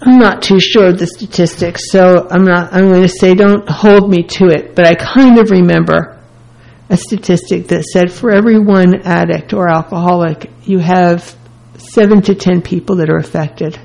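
A woman's voice: fairly low pitch, steady tone, normal speed, creaky, darkish tone, low-quality recording. Earnest woman radio host. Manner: earnest, candid, speaks in short repeated phrases. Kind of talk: self-help radio talk.

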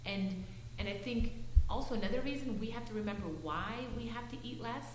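A woman's voice: fairly high pitch, fairly quick, a little hiss or hum. Woman counselor explaining in a roomy space. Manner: explanatory, reassuring, asks checking questions. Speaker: nutrition counselor. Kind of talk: casual counseling chat.

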